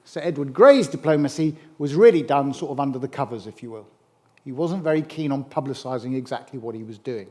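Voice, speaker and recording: A middle-aged man giving a public history lecture, animated and emphatic, with wry asides. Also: medium pitch, brisk. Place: lecture hall.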